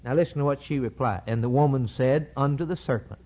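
A man's voice: mid-range voice, a little fast. A man preaching a sermon that explains Scripture, emphatic and repetitive, firing rhetorical questions. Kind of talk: sermon, Bible exposition. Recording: dull lo-fi recording.

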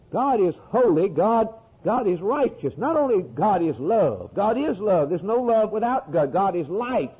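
A man preaching a fervent sermon, dropping to low murmurs and rising to impassioned cries. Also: warm tone, slightly rough, low-quality recording.

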